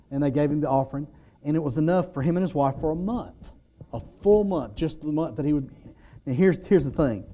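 Guy preaching a sermon, kinda high voice, tells stories and does the voices. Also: dark tone. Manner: storytelling, acts out quotes, imitates muffled "wah wah" voice.

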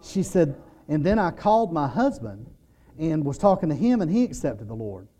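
A man's voice: on the high side, very animated, normal speed, warm tone. A man preaching a sermon, telling stories and acting out the lines of the people in them. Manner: storytelling, acts out quotes, imitates muffled "wah wah" voice.

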